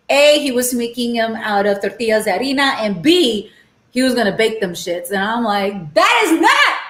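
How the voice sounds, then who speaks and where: A young woman from Los Angeles with a slightly high voice hosts a casual cooking live stream from her home kitchen, and the room sounds echoey. She chats as she cooks, breaks into animated rants and slips in Spanish phrases.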